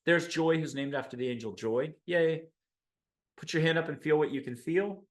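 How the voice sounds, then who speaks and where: A man from the United States hosting a spiritual show, talking in an enthusiastic, rambling monologue full of animated asides. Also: on the high side, normal speed. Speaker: host.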